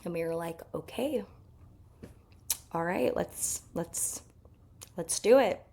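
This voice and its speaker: A young woman recounting a personal story, open and emotional, leaning on fillers as she talks. Her voice sits a little low and carries a gravelly fry. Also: slow, mellow, a little hiss or hum. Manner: candid, emotional, many fillers. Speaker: podcast host.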